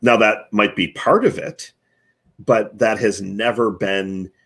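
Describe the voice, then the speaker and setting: Husky, low-voiced man coaching. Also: fairly even intonation, takes it slowly, fairly bright tone. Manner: earnest coaching, talks in numbered recommendations. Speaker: host and marketing consultant. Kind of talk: conversational advice in a live online chat.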